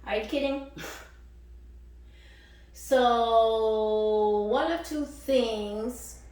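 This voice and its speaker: A woman hosting a spiritual channel, telling a story in casual, animated, swearing talk and laughing often. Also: fairly high pitch, extremely slow. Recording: echoey room, voice far from mic.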